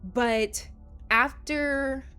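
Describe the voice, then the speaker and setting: Faint music plays behind a woman whose clear, resonant voice draws out her words as she hosts a let's play. She tells a story casually and chattily, her pitch jumping around, with frequent "like" and "um."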